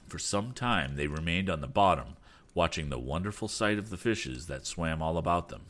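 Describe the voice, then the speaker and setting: A man narrating a classic adventure novel aloud in a steady, expressive reading. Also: low voice, normal speed. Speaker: audiobook narrator.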